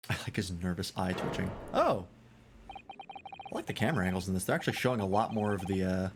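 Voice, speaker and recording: Male streamer, casual musing commentary, animated delivery. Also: low voice, a little fast, noisy background. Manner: musing, chatty asides. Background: game music.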